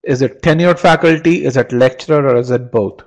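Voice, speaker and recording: A man's voice: mid-range voice, a little fast, low-quality recording. A man teaching a live online test-prep webinar, asking the class questions and restarting phrases with repeated words.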